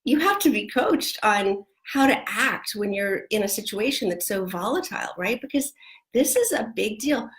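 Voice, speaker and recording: A woman's voice: medium pitch, lively intonation, moderate pace. A middle-aged woman speaking as a divorce coach, giving emphatic, repetitive advice straight to the viewer. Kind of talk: direct-to-camera advice talk.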